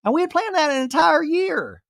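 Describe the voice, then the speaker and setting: A man's voice: very high voice, moderate pace, vocal fry, a bit bright, dry recording, clean studio sound, pitched above the performer's own voice, exaggerated voice. A man voicing an emotional young woman from a reality show, with a whiny, drawling delivery. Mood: upset.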